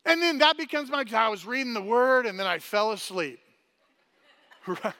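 A man preaching a sermon as pastor, energetic and chatty, often tossing "right?" at the congregation and restarting his sentences. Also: extremely high pitch, moderate pace. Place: church hall. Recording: long hall reverb.

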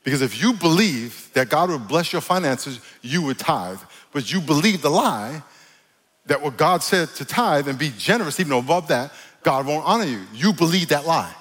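A man's voice: on the high side, expressive, moderate pace, a bit bright, breathy edge. A man preaching a sermon as pastor, emphatic and joking with the congregation in a church hall. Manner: emphatic, preachy, jokey with crowd.

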